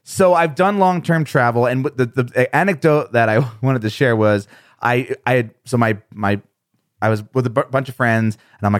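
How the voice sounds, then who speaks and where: A man's voice: medium pitch, normal speed, no room sound, studio quality. Rambling, laughing male podcast guest. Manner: rambling, self-deprecating, laughs often. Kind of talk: conversational interview.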